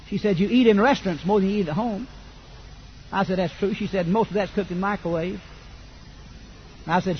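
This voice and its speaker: An older man, preaching a sermon that swings from quiet asides to loud fervent declaration. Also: high voice, normal speed, pauses often, highs cut off, slight background noise.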